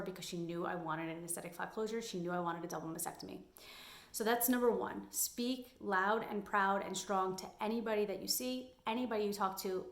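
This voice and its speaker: A woman's voice: medium pitch, fairly bright tone, reverberant. A young adult woman giving candid, emphatic advice in a personal vlog. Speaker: vlogger.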